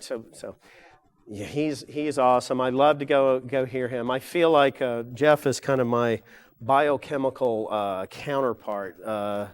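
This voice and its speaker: A man's voice: medium pitch, clear, resonant tone. An older man giving a live lecture to an audience, rambling along with frequent fillers and self-corrections.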